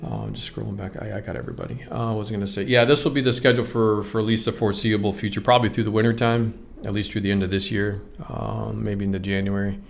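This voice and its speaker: A man's voice: lowish voice, fast talker, creaky, few pauses. A man hosting a live stream, greeting viewers and reading their comments aloud in a casual, upbeat way. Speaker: livestream host.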